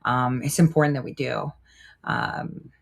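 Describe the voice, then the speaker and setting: A woman's voice: extremely low pitch, unhurried, gravelly, breathy edge. A woman hosting a livestream show in a casual, chatty way, often trailing off while she works her screen. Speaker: show host.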